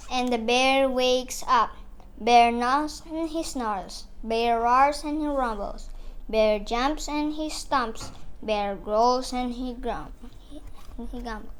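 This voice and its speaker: Woman reading a picture book to kids, high voice, slow, halting, faint background noise. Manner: halting, with small stumbles. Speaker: storyteller.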